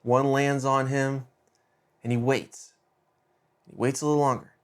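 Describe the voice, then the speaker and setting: A middle-aged man hosting a podcast, telling a story in a casual, conversational way with quick restarts and lively emphasis. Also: mid-range voice, smooth. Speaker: podcast host.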